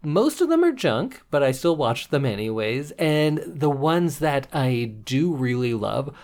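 A man co-hosting a podcast, chatting casually in a relaxed, wry and jokey way. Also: mid-range voice, measured pace. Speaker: podcast co-host. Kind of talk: casual chat.

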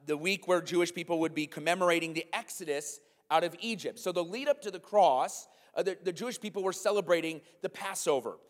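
A man preaching a sermon as pastor, animated and sometimes acting out a comic scene. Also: in a large hall. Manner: animated, acts out a comic scene in a loud high voice.

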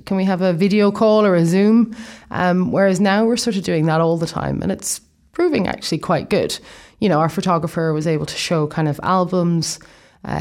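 A young Irish woman with a notably low voice talks through her plans in an easygoing, rambling way. She keeps drifting into friendly asides as she explains. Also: a little mellow. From Ireland. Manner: chatty and rambling, with frequent asides. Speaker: vlogger. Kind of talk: casual explanatory vlog.

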